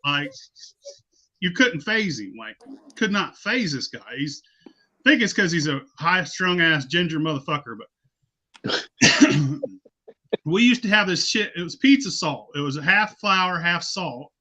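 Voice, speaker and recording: A man, hosting a podcast and telling loud, profane stories with lots of laughing. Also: on the high side, lively intonation, measured pace, long pauses. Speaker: podcast host. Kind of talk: casual storytelling.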